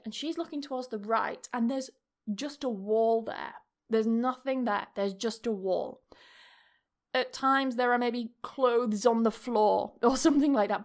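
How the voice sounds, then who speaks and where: A young woman, hosting a podcast and telling a story in a rambling, chatty way, swearing freely and laughing often. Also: on the high side. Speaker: podcast host. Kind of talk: casual storytelling monologue.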